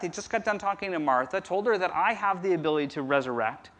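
A man preaching a conversational sermon as pastor, swinging from loud emphasis to a near-whisper. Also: sits high, expressive, a little fast. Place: church.

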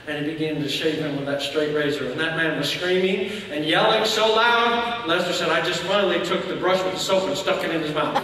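A church elder preaching a sermon, telling a story and acting out shouted lines. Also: male voice, a little high, brisk, few pauses, a crowd in the background, background noise. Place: church sanctuary. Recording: echoey hall from far off.

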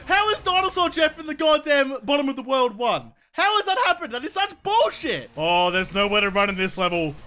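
A young man commentating a brawling game, loud and excitable, yelling and swearing a lot. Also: very high-pitched, a little fast, few pauses, faint music behind. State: sore throat from yelling. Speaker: gaming YouTuber. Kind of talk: let's play commentary. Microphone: desk microphone.

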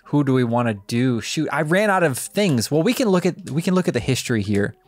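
A woman giving casual gameplay commentary as a video game presenter, reacting aloud in an excitable way and laughing often. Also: extremely low pitch, fairly quick, no echo, faint music behind.

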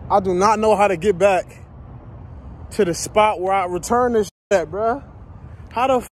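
Excitable young man vlogging over loud street traffic. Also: high-pitched, moderate pace. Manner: profane, excitable street slang, talking to viewers. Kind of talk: casual vlog narration on the move. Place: outdoors on city streets, riding a scooter. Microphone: handheld phone while riding. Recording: outdoor phone recording with loud traffic noise. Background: city traffic and street noise.

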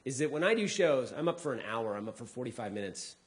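Animated comedian man talking to a crowd. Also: fast talker. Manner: animated, acts out people's lines with big jumps in pitch; drops to a quieter, lower voice for asides. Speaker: comedian giving a talk. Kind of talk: casual talk to a live audience.

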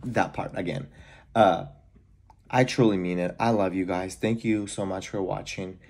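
Young male vlogger, lowish voice, loose chatty talk at home, constant "you guys". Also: fairly even intonation, a little slow, a little mellow. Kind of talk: casual vlog chat to camera. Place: home apartment kitchen.

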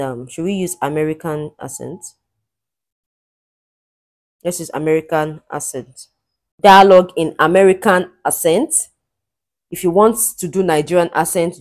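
A woman's voice: fairly low pitch, darkish tone. A woman hosting a screen-recorded tutorial, guiding viewers step by step with eager enthusiasm. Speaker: tutorial host. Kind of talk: screen-recorded software walkthrough.

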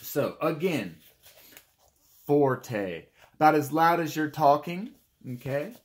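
Guy teaching little kids about music, slow and playful, voice bouncing all over. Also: mid-range voice, sing-song. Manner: playful, speaks to kids, mimics animal sounds. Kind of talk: children's music lesson.

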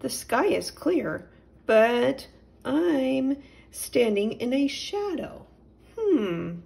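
A small, clever mole from a storybook, earnest and a touch indignant, as a woman puts him on. He reasons slowly, with a gravelly edge. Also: high voice, big pitch swings, a little mellow, pitched above the performer's own voice, full character voice. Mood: puzzled. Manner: indignant, persuasive.

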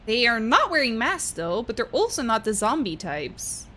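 A woman's voice: fairly high pitch, very animated, moderate pace, sharp tone, a little hiss or hum. A young woman with a Dutch accent giving live gameplay commentary, jumpy and shrieking and laughing at scares. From Netherlands. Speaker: streamer.

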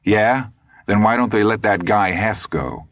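A man's voice: lowish voice, measured pace, a bit bright, dry recording, pitched above the performer's own voice. A man voicing a defiant, scared American teenage boy who talks bluntly. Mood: challenging.

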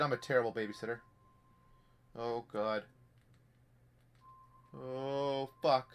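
A young man streams live play of a virtual reality horror game, startled and jokey, swearing as he talks to himself with faint game music behind him. His mid-range voice is a bit bright, a little slow, with long pauses.

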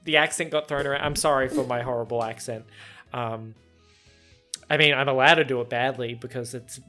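Bright-voiced Australian man reacting to films. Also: mid-range voice, fairly even intonation, a little fast, faint music behind. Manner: chatty, swears, laughs often, many fillers. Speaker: movie reaction host. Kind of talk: casual movie reaction.

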